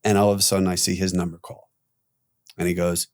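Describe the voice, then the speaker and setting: A middle-aged man telling his own story as a podcast guest, candid and animated, swearing freely. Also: low-pitched, a little fast, long pauses.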